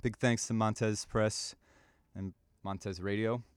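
A man from the Chicago area giving a measured, prepared talk on the radio, with occasional fillers and self-corrections. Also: on the low side, fairly even intonation, clear, resonant tone, no room sound, studio quality. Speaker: radio presenter and publisher.

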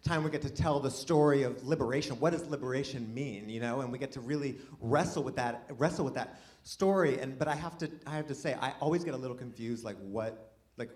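A man doing a stand-up set, rambling and self-deprecating, swinging from mumbled asides to shouted bursts, with audience laughter behind him. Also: on the high side. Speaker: stand-up comedian. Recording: live club mic with audience noise.

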